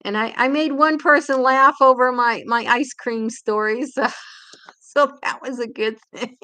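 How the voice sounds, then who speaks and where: A woman's voice: high voice, steady tone, unhurried, pushed and bright. An older woman with a Hoosier accent hosting a casual live-stream chat from home, rambling and laughing often. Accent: Indiana. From England. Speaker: livestream host.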